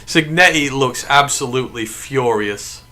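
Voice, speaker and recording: A man from the United Kingdom hosts a live sports watch-along, his middling-pitched voice carrying a forceful, bright edge and a slightly slow delivery. He reacts excitably, flares into outrage at the play, then reads and answers viewer messages just as animatedly.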